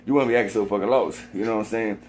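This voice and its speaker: A man's voice: fairly low pitch, very fast, a little hiss or hum. Rambling, profane man talking to camera. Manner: profane, rambling, repetitive, swears constantly; gets heated and loud at times.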